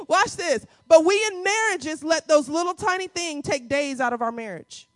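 A woman in her forties preaching a sermon, with playful asides and key lines repeated slowly for the congregation. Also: animated, no room sound. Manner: playful asides with quick dips into a low, quiet voice. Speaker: pastor.

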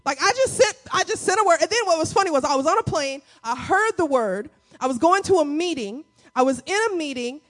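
A woman pastor preaching a conversational sermon, acting out quotes as she goes. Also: high-pitched.

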